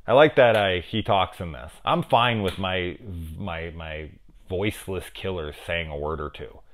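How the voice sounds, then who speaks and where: A middle-aged man with a notably low voice talks through a horror movie in a loose, casual way. He rambles off on tangents and swears freely. It sounds like an off-the-cuff video review. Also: measured pace, a bit bright, slight background noise. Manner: rambling, profane, chatty asides. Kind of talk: casual spoken film review.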